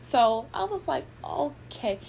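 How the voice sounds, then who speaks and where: A woman's voice: mid-range voice, expressive, a little slow, a little hiss or hum. A woman giving blunt, sassy, heavily profane commentary in a vlog. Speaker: pop culture commentator.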